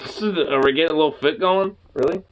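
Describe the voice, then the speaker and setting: A man's voice: on the high side, quick pace, rough recording. A man talking casually to his pet dog, teasing and exasperated, swearing freely. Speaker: dog owner.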